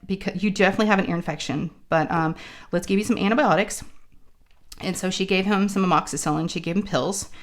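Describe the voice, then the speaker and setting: A woman with a sore throat, telling a story in casual chat and acting out the people she quotes. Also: lowish voice. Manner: chatty, acts out quoted dialogue. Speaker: crafting channel host.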